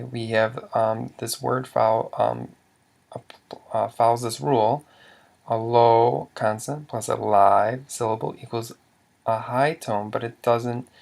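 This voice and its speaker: A man's voice: medium pitch, creaky, darkish tone. A man teaching a language lesson, explaining rules patiently step by step with some fillers.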